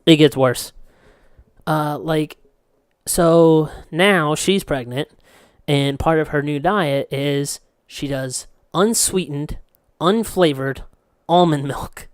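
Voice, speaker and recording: A man's voice: fairly high pitch, takes it slowly, clear, resonant tone, dry recording, clean studio sound. A young man co-hosting a podcast, telling rambling stories in casual chat, swearing freely and laughing often. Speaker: podcast co-host.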